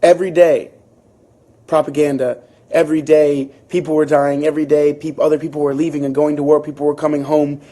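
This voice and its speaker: A man hosting a book club, reading a novel aloud and then reflecting on it in a thoughtful, halting way, with frequent restarts. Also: fairly high pitch, level tone, dark tone. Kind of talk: reading aloud and casual commentary.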